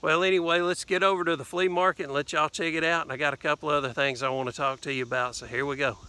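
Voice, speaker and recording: A man's voice: a little high, steady tone, quick pace, pushed and bright, slight background noise. A man with a Southern US accent telling a rambling, casual story in his vlog, with lots of fillers and "anyway.". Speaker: vlogger.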